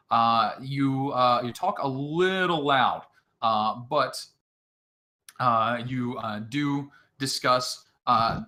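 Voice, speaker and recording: A man narrating as game master of an online tabletop game, halting often with filler sounds between phrases. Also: mid-range voice, sharp tone.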